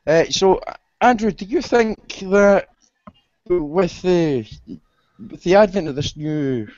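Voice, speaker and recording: A man's voice: sits high, expressive, takes it slowly, a little mellow, dry recording. Man with wry jokes, dry lo-fi sound. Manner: jokey, wry asides. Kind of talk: casual group chat.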